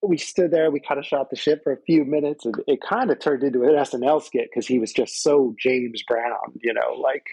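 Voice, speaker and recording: A man's voice: mid-range voice, fairly even intonation, a little fast, creaky, few pauses, darkish tone, husky, dry recording, rough recording. A man and guest musician telling loose, profane anecdotes in casual conversation on a close microphone. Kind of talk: casual storytelling.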